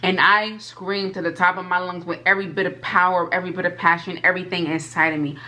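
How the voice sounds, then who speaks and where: A woman's voice: lowish voice, fairly even intonation, fast, sharp tone. A woman in her twenties tells her personal testimony straight to her viewers, fervent and emphatic, and repeats her points. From United States. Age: 20s. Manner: addresses viewers directly. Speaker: food vlogger.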